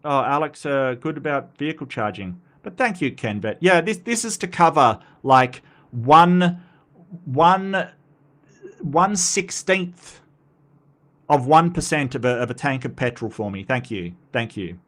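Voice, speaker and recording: A man's voice: medium pitch, expressive, normal speed, few pauses, fairly bright tone. An Australian man hosting a casual livestream, chatty and rambling, with frequent asides and restarts. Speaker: livestream host.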